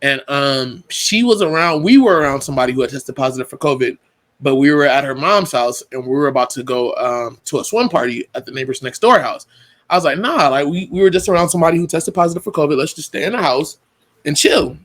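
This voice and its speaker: Animated young man telling stories. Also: a little high, fast. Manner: animated storytelling, acts out dialogue. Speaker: podcast host. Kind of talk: casual faith-based chat.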